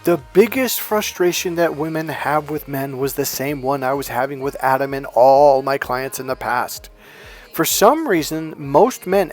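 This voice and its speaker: A man coaching a course on dating, telling a story bluntly, swearing and shouting his punchlines. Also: on the high side. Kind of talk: animated storytelling lecture.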